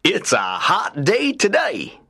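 A man voicing a friendly, talkative male rabbit who is quick to anger, in a high, slow, drawn-out voice. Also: huge pitch swings, creaky, sharp tone, exaggerated voice.

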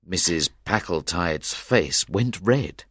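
Brief: deep-voiced man reading a story aloud, unhurried and expressive, dry studio sound. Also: husky, no echo. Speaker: narrator. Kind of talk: slow, clear narration of a simplified story.

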